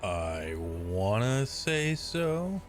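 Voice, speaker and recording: A man's voice: medium pitch, big pitch swings, very slow, faint music behind. A man playing a tabletop game, chatting loosely and joking. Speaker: player.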